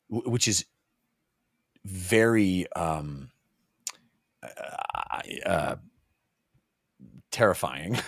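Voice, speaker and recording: A man co-hosting a book club podcast, chatting casually in a slangy, animated way. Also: fairly low pitch, no echo, clean studio sound. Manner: animated, slangy, acts out quotes. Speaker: podcast co-host.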